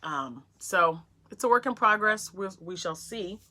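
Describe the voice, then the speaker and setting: A woman chatting casually in a home craft room, gushing over yarn and often dropping to soft whispers, filmed on a phone on a small tripod. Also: mid-range voice, lively intonation, measured pace. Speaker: crochet vlogger. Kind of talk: casual chat, unboxing happy mail. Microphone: phone on a mini tripod.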